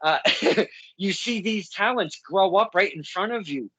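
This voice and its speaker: A man's voice: high-pitched, animated, a little slow, fairly bright tone, slightly rough, dry recording, low-quality recording. A man hosting a casual interview, rambling and chatty with lots of fillers and self-corrections. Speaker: podcast host.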